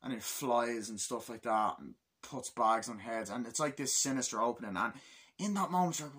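A young man giving a casual spoken movie review, excited and swearing a lot, acting out scenes in a raised voice. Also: medium pitch, moderate pace, husky.

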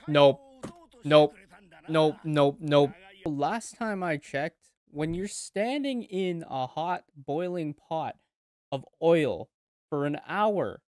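A man reacting to an anime episode, moving between low muttering and sudden loud outbursts. He stammers, repeats himself and swears freely. His voice sits on a close mic with a dry, echo-free sound. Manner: excitable, swings between mumbling and loud outbursts. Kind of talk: casual reaction commentary.

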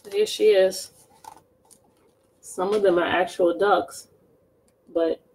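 A woman teacher reading a picture book aloud to children, pausing to ask them questions. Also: mid-range voice, a little hiss or hum, low-quality recording. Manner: slow, expressive, asks children questions. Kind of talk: storybook read-aloud lesson.

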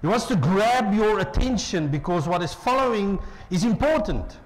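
A middle-aged man with a South African accent preaching a lively sermon in a church, joking with the congregation. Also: high-pitched, moderate pace. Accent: South African English. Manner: playful, jokes with the congregation. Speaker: pastor.

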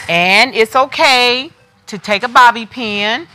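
Chatty woman live-stream seller, bright and punchy, faint music bed. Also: on the high side, slow pace. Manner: chatty, talks straight to viewers. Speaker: wig shop host selling on a live stream. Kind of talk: casual live product demo.

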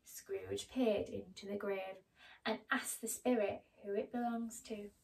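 A woman's voice: medium pitch, fairly even intonation, measured pace, creaky, a little mellow, far from the mic, rough recording. Woman storyteller, slightly off-mic. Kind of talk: reading a children's story aloud. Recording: voice a little off-mic.

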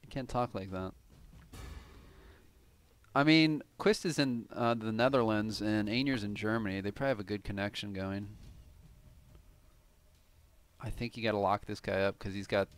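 A man's voice: on the low side, normal speed. A man from Cleveland giving casual, analytical live commentary on a tournament game, swearing now and then. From Cleveland, USA.

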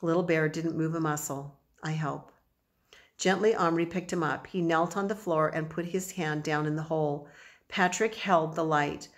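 A woman narrating a children's audiobook in a measured, expressive storytelling manner. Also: deep voice.

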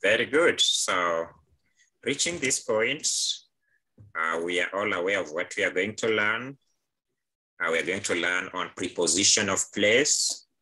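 Deep slow kenyan guy teaching online, lots of uh, bright husky tone. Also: lively intonation, rough recording. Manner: hesitant, many uh fillers. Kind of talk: live online class. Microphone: video call.

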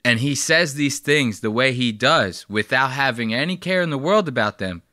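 A man's voice: medium pitch, animated, moderate pace, sharp tone, no room sound, studio quality. A man hosting a podcast, riffing loosely and profanely while reacting to a video. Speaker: podcast host. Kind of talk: casual reaction commentary.

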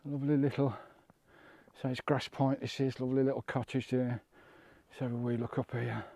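A British man vlogs outdoors on the coast, chatting to the camera, frequently exclaiming at the views and slightly winded. His medium-pitched voice is dark, with little pitch movement, at normal speed and with no room sound.

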